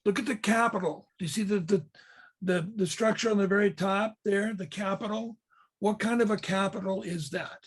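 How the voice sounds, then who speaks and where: High-voiced man teaching with slides. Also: steady tone, moderate pace, husky. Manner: explanatory, frequent fillers and restarts. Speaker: tour leader and teacher. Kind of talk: slide-based Bible history lesson.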